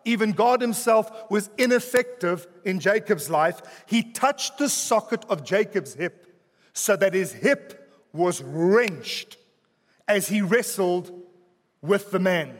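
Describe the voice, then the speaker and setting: A man preaching a sermon as pastor, pausing for effect, dropping soft on key words, with joking asides to the congregation. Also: high voice, animated. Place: church hall. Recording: long reverb of a church hall.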